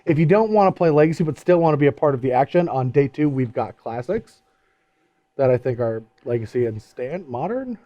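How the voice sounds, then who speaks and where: A man co-hosting a casual post-match chat, animated and quick to laugh. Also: mid-range voice, dry recording, muffled recording. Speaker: co-host.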